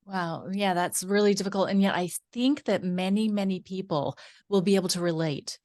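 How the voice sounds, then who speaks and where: A woman's voice: medium pitch, moderate pace, darkish tone. A woman with an Idaho accent hosting an interview over a video call, encouraging and playful with her guest. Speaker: interview host.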